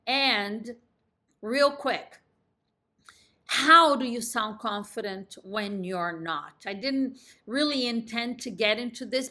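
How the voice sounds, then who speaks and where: A woman coaching real estate agents in an emphatic, confident talk that drops in pitch at the end of each sentence. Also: sharp tone. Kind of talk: instructional talk to camera.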